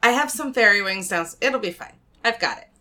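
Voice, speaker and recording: A woman's voice: medium pitch, expressive, fairly quick, pushed and bright. A young adult woman co-hosting a podcast in casual chat, wry and joking. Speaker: podcast co-host.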